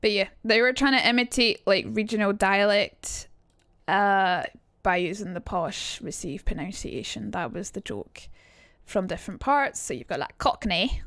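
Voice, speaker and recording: A woman's voice: mid-range voice, measured pace, a bit bright, dry recording, clean studio sound. A young woman streamer casually teaching, chatty and rambling, reading chat aloud with casual swearing.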